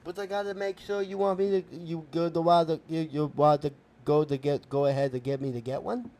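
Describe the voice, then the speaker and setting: Male performer as a touchy guest with a speech impediment: high, swooping voice, garbled words. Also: sing-song. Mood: insistent. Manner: garbled, mixed-up words, touchy and quick to take offense. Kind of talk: comedic character sketch.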